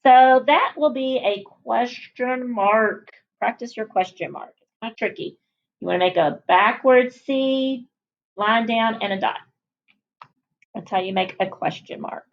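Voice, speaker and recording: A woman teacher with a fairly high voice leads young children through a phonics lesson. She cheerfully stretches out each sound and word so they can copy her. The recording is a little dull and lo-fi. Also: slight background noise. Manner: cheerful, sounds out letters slowly. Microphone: recorded at a whiteboard.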